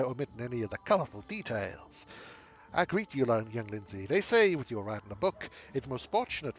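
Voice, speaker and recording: A man's voice: medium pitch, muffled recording, lightly acted. A man voicing a grand, mystical woman wanderer from far away, with a flowery, theatrical drawl, in a game.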